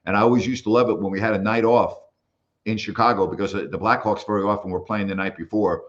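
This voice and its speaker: Lo-fi audio captures a fairly low-pitched older man, a former basketball broadcaster, telling stories in a casual interview. He's an animated storyteller who acts out the voices he quotes.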